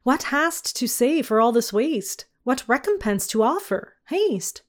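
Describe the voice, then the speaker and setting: A woman's voice: high voice, very animated, a little slow. A woman reading the lines of an angry king in a storybook poem, in commanding archaic speech. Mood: stern. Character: stern angry old-world king, man.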